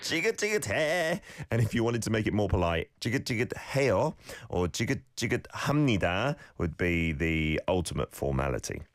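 Male radio host; deep, expressive, dry close mic; warm-humored teacher who corrects gently. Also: no echo. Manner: playful, patient, repeats phrases slowly to correct pronunciation. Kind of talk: casual radio lesson.

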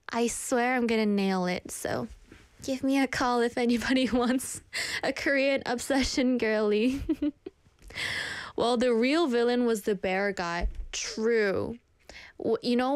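A woman's voice: on the high side, normal speed, no room sound. A young woman radio DJ chatting casually, bubbly and giggly.

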